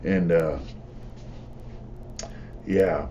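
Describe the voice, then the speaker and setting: A man's voice: sits low, fairly even intonation, extremely slow, warm tone, slight background noise. An older man, a former prisoner, telling his stories in a blunt, profane, rambling way with lots of "you know.". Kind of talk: casual storytelling.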